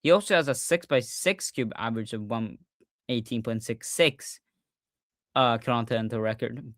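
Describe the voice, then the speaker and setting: Guy hosting a laid-back podcast stream, gets hyped and trips over his words, smooth voice, dry sound. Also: mid-range voice, no room sound. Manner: excitable, many fillers and restarts. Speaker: podcast host. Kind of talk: casual livestream recap.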